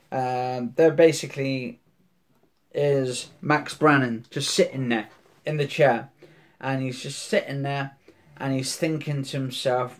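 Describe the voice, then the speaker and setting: A man rambling through a casual recap of a soap episode, repeating himself and swearing now and then. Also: medium pitch.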